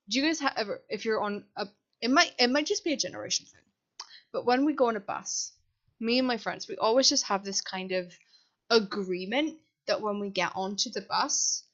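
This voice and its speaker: A young British woman, a university student, talks over a Sims build in a casual, self-deprecating ramble. Her medium-pitched voice is a bit bright, and the desk-microphone recording sounds muffled.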